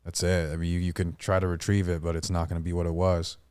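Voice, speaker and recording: A man's voice: low voice, monotone, fast, a little mellow, smooth, no echo, clean studio sound. A man in his twenties hosting a podcast in casual chat. He swears constantly and rambles loosely. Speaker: podcast host.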